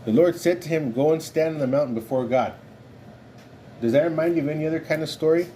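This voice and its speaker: Leading an informal Bible study, this male teacher talks fast in a slightly high, warm voice over a faint hiss or hum. He keeps things conversational and often checks in by asking "right?"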